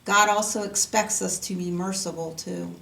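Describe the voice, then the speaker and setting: A woman's voice: lowish voice, steady tone, normal speed, vocal fry, pushed and bright. A woman teaching Sunday school, reading a rhyming children's story aloud in a sing-song cadence. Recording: roomy, from a distance.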